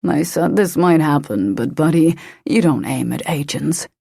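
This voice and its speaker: A woman narrator voicing a gruff male agent who warns a friend. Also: sits low, measured pace, warm tone, no echo, full character voice. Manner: warning, gruff.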